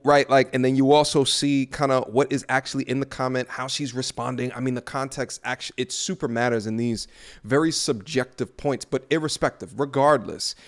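A man hosting a relationship talk show gives his take in a loose, conversational way. His voice keeps jumping up in pitch when he drives a point home, and he sounds lively and emphatic. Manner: animated, climbs high when making a point. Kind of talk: casual commentary.

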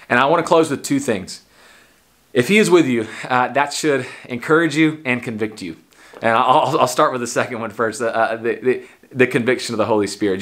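Young Texan pastor preaching casually. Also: male voice, medium pitch, fairly bright tone. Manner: conversational preaching with many restarts and repeated words; quotes people and Jesus in short acted voices. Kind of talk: livestreamed sermon.

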